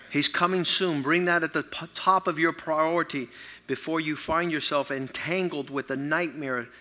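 A middle-aged man preaching a sermon as pastor, energetic and urging his congregation. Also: fairly high pitch.

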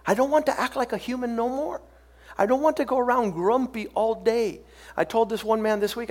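A man's voice: very high voice, fairly quick. Fervent preaching man. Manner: fervent, building to loud emphatic bursts; loose and conversational, with repeated false starts. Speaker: pastor. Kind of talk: preaching a sermon.

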